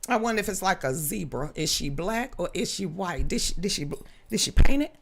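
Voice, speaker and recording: A woman hosting a casual live stream into a studio microphone, chatting with viewers in a loud, blunt and joking way, laughing often and swearing freely. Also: fairly low pitch, lively intonation, fairly quick, vocal fry. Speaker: livestream host. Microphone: studio microphone with a level meter.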